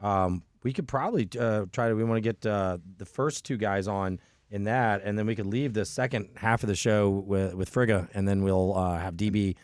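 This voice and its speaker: A man's voice: on the low side, normal speed, a little mellow, dry recording, studio quality. A man hosting a radio talk show, chatting loosely and cheerfully and directing guests. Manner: loose, cheerful, swears casually. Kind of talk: casual chat, running the show. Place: radio studio.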